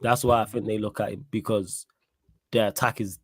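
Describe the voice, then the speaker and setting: A man's voice: lowish voice, fairly even intonation, normal speed. A man hosting a casual football chat, wry and teasing. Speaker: podcast host.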